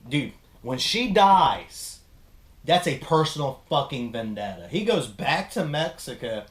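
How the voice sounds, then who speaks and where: A man of middle pitch talking through a film in a loose, profane ramble, doubling back on his words. The room around him rings with a noticeable echo. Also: sing-song, measured pace. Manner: rambling, profane, acts out scenes with voices. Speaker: movie review co-host. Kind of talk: casual movie review chat. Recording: roomy echo.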